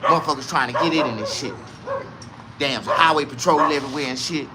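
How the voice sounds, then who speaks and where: A man from the South, telling a comedic story in a casual, profane, animated way. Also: fairly high pitch, brisk, heavy background noise. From American South.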